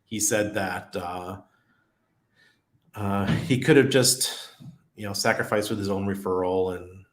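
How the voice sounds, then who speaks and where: A man's voice: deep voice, slow pace. A middle-aged man hosting a casual crypto live stream, chatty and laid-back, often laughing as he reads the chat aloud. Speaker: crypto livestream host.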